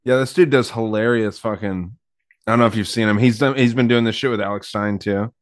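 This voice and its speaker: A man's voice: fairly low pitch, fairly even intonation, brisk, no echo, clean studio sound. A man hosting a podcast, chatting casually and crudely with lots of fillers. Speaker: podcast host. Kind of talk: casual chat.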